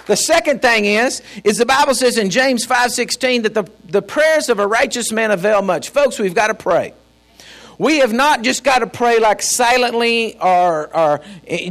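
A man's voice: sits high, fairly quick, fairly bright tone. A man preaching a sermon as pastor, fiery and folksy, with joking asides. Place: church.

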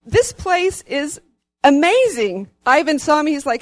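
Lady testifying at church, kinda high voice, dry sound. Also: measured pace, no room sound. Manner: earnest, rising to excited. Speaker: church member giving a testimony.

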